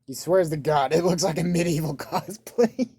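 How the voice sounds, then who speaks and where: A man's voice: a little high, normal speed, dark tone, breathy edge. A man casually improvising a crude fan-fiction story, rambling with lots of filler and laughing at his own jokes.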